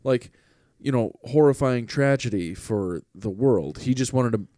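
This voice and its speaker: A man's voice: medium pitch, a little slow, dark tone, dry recording, studio quality. A man chatting casually as a podcast co-host, swearing freely as he talks. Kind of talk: casual chat.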